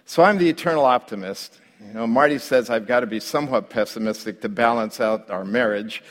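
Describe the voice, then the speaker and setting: A middle-aged man, a pastor, telling a story in a sermon with lively delivery that climbs and grows louder when he relives his own panic. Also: medium pitch, a little fast. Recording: long hall reverb.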